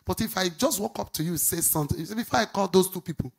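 A woman's voice: lowish voice, vocal fry, slightly rough. Sing-song Nigerian woman pastor preaching. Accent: Nigerian English. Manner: sing-song, quizzes the congregation; emphatic, drawn-out stressed words. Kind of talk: preaching sermon with call-and-response.

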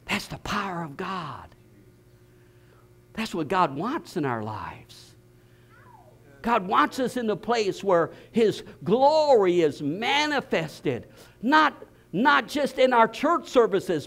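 An older man preaching a sermon, telling stories with bursts of shouting and laughter. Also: sits high, big pitch swings, slow pace, gravelly. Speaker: pastor.

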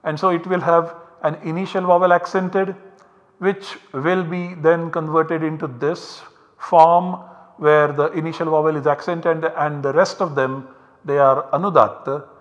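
A man giving a measured, explanatory academic lecture. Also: a little high, fairly even intonation, highs cut off. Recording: long hall reverb.

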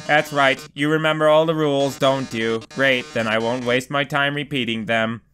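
A man's voice: medium pitch, steady tone, normal speed, a bit bright, faint music behind, natural voice. A man voicing a flamboyant male robot TV star with a dramatic, purring delivery, reading game dialogue aloud. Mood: theatrical.

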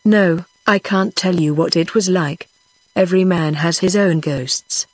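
A synthetic woman's voice with a British English accent reading the part of a gruff, haunted male ship's mate in an even, unacted way. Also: lowish voice, a little slow, no echo. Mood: defiant. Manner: even, unacted text-to-speech delivery. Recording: dry synthetic studio voice.

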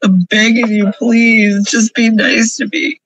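A man's voice: high-pitched, little pitch movement, slow, fairly bright tone, dry recording, low-quality recording. A man crying through an emotional confessional vlog, pleading and repeating himself over and over from his parked car. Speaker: vlogger.

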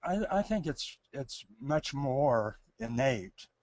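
Slow, hesitant man answering questions. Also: fairly high pitch, sing-song, vocal fry, a little mellow, no room sound. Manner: hesitant, many restarts and fillers. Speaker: presenter answering audience questions. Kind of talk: thoughtful Q&A talk.

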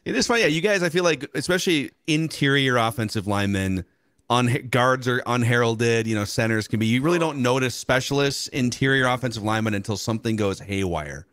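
A man hosting a casual sports talk show, relaxed, asking questions and telling stories. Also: mid-range voice, brisk, no echo. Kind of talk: casual chat.

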